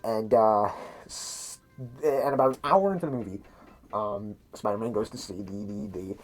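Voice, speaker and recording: A man with a creaky, mid-range voice, very animated but a little slow, rambles through a profane movie review, restarting often, swearing, and laughing at things. He talks through a mask into a cheap mic, so he sounds slightly muffled, with faint music behind him.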